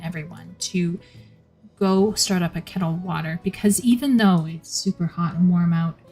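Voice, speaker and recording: Chatty woman streaming a game. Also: on the low side. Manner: chatty, restarts sentences, critiques the writing. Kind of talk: casual live-stream commentary.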